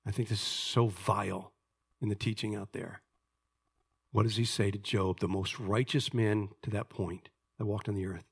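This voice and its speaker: A man preaching a sermon as a pastor, telling a story and swinging from hushed asides to loud, emphatic points. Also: lowish voice, fairly even intonation, moderate pace, gravelly, husky.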